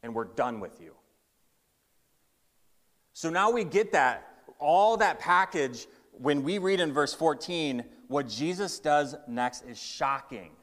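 A man's voice: fairly high pitch, lively intonation, slow, fairly bright tone. Man preaching in a reverberant hall. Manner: emphatic storytelling, varying pace. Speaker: pastor. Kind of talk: sermon.

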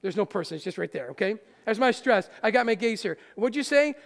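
A man preaching a sermon as pastor, animated and often asking the audience questions. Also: sits high, fairly quick, vocal fry. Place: church sanctuary. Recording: church hall with long reverb.

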